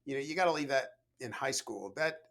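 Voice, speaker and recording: A middle-aged man, a leadership coach, chatting as a podcast guest and telling stories in a relaxed way, full of "you know". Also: medium pitch, brisk, gravelly. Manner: storytelling, relaxed, frequent "you know" fillers. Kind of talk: conversational podcast interview.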